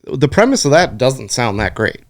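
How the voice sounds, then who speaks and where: A man's voice: mid-range voice, sing-song, moderate pace, no echo, studio quality. A man co-hosting a podcast, rambling through stories in casual chat and swearing casually. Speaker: podcast co-host.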